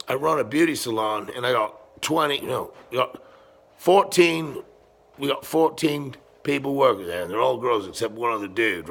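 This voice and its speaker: Vlogger in his fifties, low gravelly voice with a husky edge, crude and boastful, swings from loud to muttering. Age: 50s. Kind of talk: casual vlog monologue. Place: walking around his home gym.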